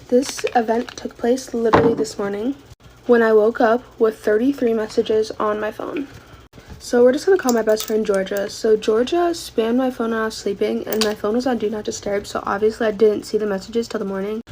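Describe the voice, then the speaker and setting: Young woman, gravelly and a bit high, casual swearing storytime vlog. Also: darkish tone, slight background noise, rough recording. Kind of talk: storytime while getting ready.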